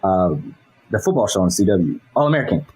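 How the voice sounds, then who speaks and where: Husky la guy rambling casually, swears a lot, laughs easy. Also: sits low, very animated, brisk, darkish tone, rough recording. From Los Angeles. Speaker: guest, animation director. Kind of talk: casual interview chat.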